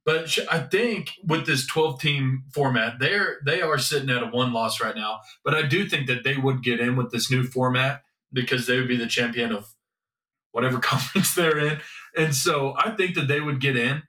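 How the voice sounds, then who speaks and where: A man's voice: medium pitch, normal speed, pushed and bright. A man co-hosting a podcast in casual sports chat, loose and rambling, now and then swearing. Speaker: podcast co-host. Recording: echoey room, mic at a distance.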